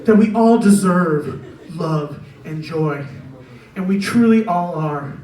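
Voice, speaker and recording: A man putting on a slow, hushed, reverent voice as a TV hunter musing on life, recorded in an echoey club. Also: sits high, expressive, far from the mic, voice pushed down. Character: folksy male TV hunter, hushed and philosophical.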